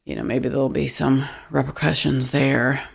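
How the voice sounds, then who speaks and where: A podcast co-host in casual chat, relaxed and hedging with fillers. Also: mid-range voice, normal speed, creaky, slightly rough.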